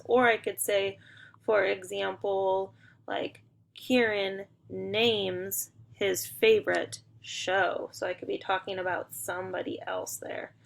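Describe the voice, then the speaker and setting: Slow, gravelly-voiced woman teacher. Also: mid-range voice, fairly bright tone. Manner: slow, encouraging, sounding out words. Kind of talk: phonics lesson to young students.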